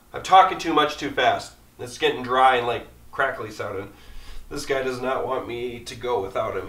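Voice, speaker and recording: A man's voice: mid-range voice, fairly bright tone. Man, outdoor vlogger, casual gear rundown, rambling and easygoing, echoey room, mic at a distance.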